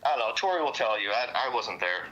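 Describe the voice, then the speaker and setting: Man, witness, rambling and profane, sharp tense voice, muffled phone-line sound. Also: medium pitch, lively intonation, fast, a little hiss or hum. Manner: rambling with many fillers and cussing. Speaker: witness interviewed by police. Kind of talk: casual recounting.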